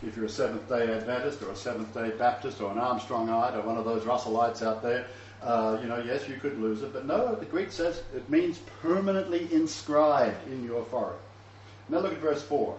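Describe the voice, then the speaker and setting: Speaking briskly at medium pitch, a man reads Bible verses to a live class in a lecture room, breaking in with chatty asides and small chuckles. There is a little hiss or hum, and the lo-fi room recording sounds roomy, distant and dull.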